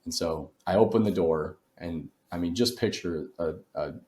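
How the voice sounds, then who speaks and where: A man's voice: low-pitched, normal speed, a little mellow, reverberant. A man telling a story as a real estate investor guest in a podcast interview, speaking emphatically and in a motivational way.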